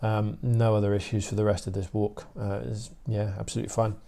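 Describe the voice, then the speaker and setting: A British man, a dog trainer, explaining his views in a steady, opinionated casual talk with many fillers. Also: fairly low pitch, a little fast, creaky.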